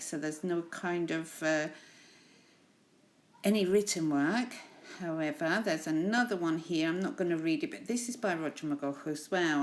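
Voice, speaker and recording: A woman teacher in a recorded lesson, reading poems aloud to her pupils and chatting about them in a friendly, encouraging way with frequent laughs. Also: low-pitched. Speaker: primary school teacher.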